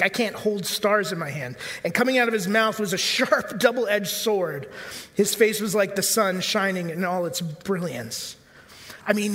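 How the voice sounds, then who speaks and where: A man preaches a sermon in a relaxed, conversational manner, dropping fillers and asking the congregation questions. His voice sits high for a man. The sound carries the long reverb of a large church hall. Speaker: pastor.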